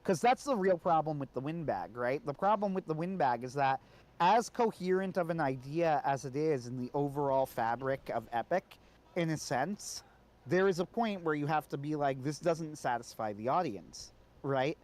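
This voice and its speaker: Man, co-host, casual podcast chat, slightly higher voice, keeps asking "right?". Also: expressive, moderate pace, darkish tone. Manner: conversational, keeps checking in with "right?".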